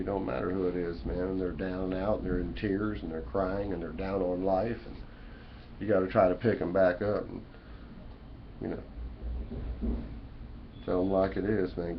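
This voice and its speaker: Lower-voiced man rambling into a webcam. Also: creaky. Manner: folksy, preachy, repeats "you know" and "man". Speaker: vlogger. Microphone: webcam mic. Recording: dull lo-fi webcam audio with faint room noise.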